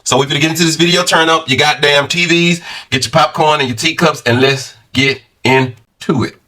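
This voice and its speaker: Reaction host, man, playful and joking, higher voice, set back from the mic. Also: fairly even intonation, moderate pace, recorded from a distance. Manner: loud, joking, playful gossip with slang. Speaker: commentary channel host. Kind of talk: casual reaction commentary.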